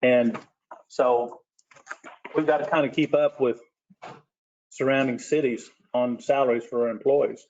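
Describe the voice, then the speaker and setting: A man's voice: mid-range voice, fairly even intonation, a little slow, pauses often, darkish tone, slight background noise. A man, a city commissioner, speaking plainly in a public meeting in a city hall commission room. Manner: plainspoken, makes a formal motion. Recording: muffled lo-fi meeting recording.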